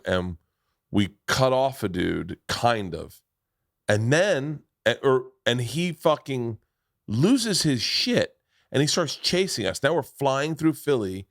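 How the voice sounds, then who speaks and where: A man spins a story over casual chat, his voice sitting at an ordinary pitch. He jumps into loud acted-out voices for the people in his story. The sound is dry and close to the mic. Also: vocal fry, no room sound. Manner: animated storyteller, acts out loud quoted voices. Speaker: comedian podcast co-host.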